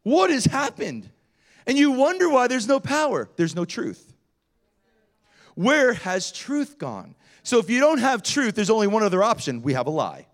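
A man preaching a sermon as pastor, telling personal stories in an animated way with self-deprecating humor. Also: high-pitched, moderate pace.

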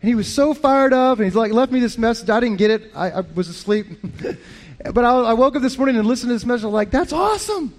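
A man preaching as a pastor, talking in a lively, conversational way with frequent restarts. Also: very high voice, fast. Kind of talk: sermon.

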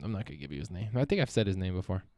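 A man's voice: deep voice, sing-song, racing, darkish tone, no room sound. A young man hosting a solo podcast, rambling and swearing freely, often trailing off and restarting. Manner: profane, meandering, self-interrupting. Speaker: podcast host.

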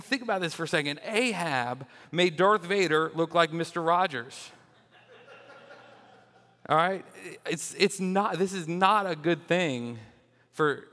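A young man giving a lively, joking sermon as a children's minister, often restarting his words. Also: fairly high pitch, big-room sound. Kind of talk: animated sermon.

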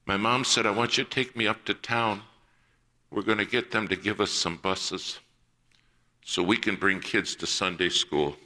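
Male preacher, low and forceful, telling a story from the pulpit and playing each voice in it. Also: fairly even intonation, moderate pace. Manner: acts out quoted voices in a personal story. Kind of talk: sermon storytelling.

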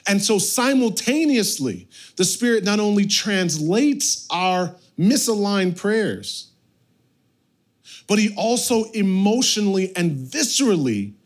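Pastor, male, thirties, slightly high voice, lively storytelling sermon with sharp loud-soft swings. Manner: storytelling, animated, with sudden loud and quiet turns.

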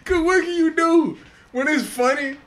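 A man's voice: extremely high pitch, moderate pace, a bit bright. A man co-hosting a podcast who chats casually, laughs easily and talks bluntly. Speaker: podcast co-host. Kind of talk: casual chat.

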